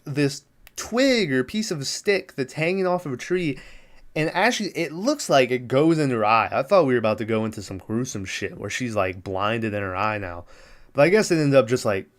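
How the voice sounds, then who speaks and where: With a medium-pitched voice, lively intonation, and a brisk pace, a man hosting a podcast gives a casual rundown of a movie's plot. It's rambling, filler-heavy, and full of cursing, and he keeps laughing at the film.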